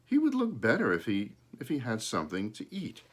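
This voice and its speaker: A man reading aloud, voicing an earnest, excited young boy who stumbles over his words. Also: medium pitch, brisk. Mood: eager.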